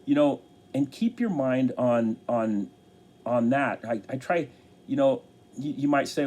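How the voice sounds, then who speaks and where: A man giving an earnest motivational talk to camera, halting and restarting his sentences often. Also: mid-range voice, lively intonation, darkish tone. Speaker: motivational speaker.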